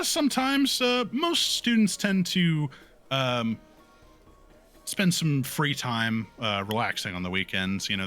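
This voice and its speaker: A man voicing a small, harried female gnome librarian who rambles through fillers in a high, squeaky voice. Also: bright, forceful tone. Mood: chatty.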